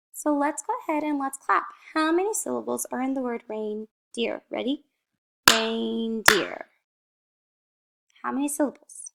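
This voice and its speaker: Slow, gentle-paced woman teacher. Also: on the high side, creaky. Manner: drawn-out word modelling, questions then answers. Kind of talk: slow, encouraging phonics lesson for young children.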